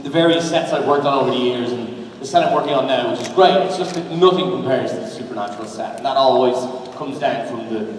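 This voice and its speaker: A man, an actor on a fan convention panel, talking casually in a halting, rambling way with many fillers. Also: medium pitch. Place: large convention hall. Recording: echoey hall, distant fan recording, crowd noise. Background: audience murmur and hall noise.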